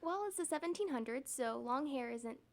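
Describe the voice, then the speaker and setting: A woman's voice: high voice, a little fast. A young actress talking casually in an interview, her voice a little strained from rehearsals. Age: young adult. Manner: easygoing, relaxed explaining with fillers. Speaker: stage actress.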